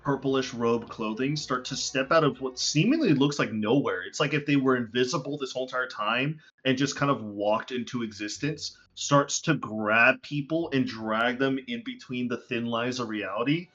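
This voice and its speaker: A man's voice: mid-range voice, normal speed, few pauses, a bit bright. A man running a tabletop game as game master, narrating casually with lots of fillers. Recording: dull lo-fi recording with faint music.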